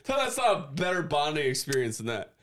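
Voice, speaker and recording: A man co-hosting a casual comedy podcast, laid-back, chiming in with quick jokes and agreement. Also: a little high, very animated, a bit bright. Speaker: podcast co-host.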